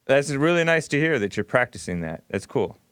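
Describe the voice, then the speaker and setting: A man's voice: mid-range voice, big pitch swings, fairly quick, a bit bright, clear, resonant tone, dry recording, clean studio sound. A man hosting a call-in talk show, chatting easily and laughing now and then. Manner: easygoing, chatty, laughs often. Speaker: radio talk show host.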